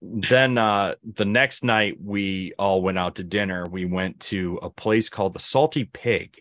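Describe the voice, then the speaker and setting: A man's voice: sits low, unhurried, fairly bright tone, no echo. A young man co-hosting a podcast in casual chat, telling rambling stories and acting out his friends' lines. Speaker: podcast co-host.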